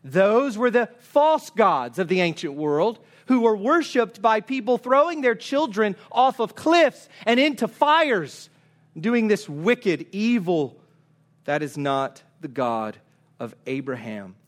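A man's voice: high voice, big pitch swings, takes it slowly. A man preaching a sermon, emphatic and urging, asking his listeners question after question. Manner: emphatic, urging, asks repeated rhetorical questions. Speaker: pastor.

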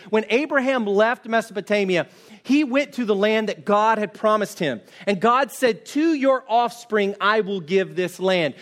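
A man preaching an expository sermon, earnest and emphatic, slowing and dropping low on key words and lifting when he poses questions. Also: a bit bright. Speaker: pastor.

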